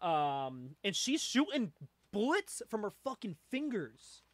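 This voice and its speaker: Lively, bright-voiced man chatting about comics. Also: high-pitched, slow pace, dry recording, clean studio sound. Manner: animated, laughs often, reads comic dialogue aloud. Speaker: podcast host. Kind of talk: casual comic book chat.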